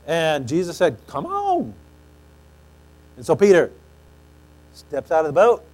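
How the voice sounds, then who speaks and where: A man preaching a sermon, telling stories animatedly and acting out quoted lines, often clearing his throat. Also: sits high, darkish tone, low-quality recording.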